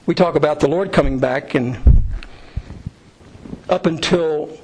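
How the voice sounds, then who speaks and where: A man's voice: measured pace, mellow, a little hiss or hum, rough recording. A middle-aged man preaching a sermon in a conversational way, acting out quoted prayers in a raised voice. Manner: conversational, acts out quoted prayers with rising pitch. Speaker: pastor.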